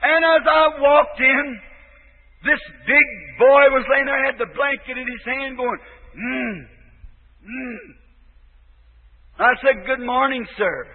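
A man preaching a storytelling sermon, drawing his words out and breaking into shouts, on an old tinny recording in a hall. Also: very high voice. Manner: impassioned, drawn-out delivery with bursts of shouting.

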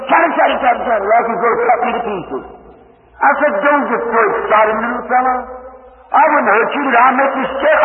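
A man preaching a sermon through a personal story, fervent, swinging between hushed tones and shouts. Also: very high voice, slight background noise. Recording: echoey hall from far off, tinny old recording.

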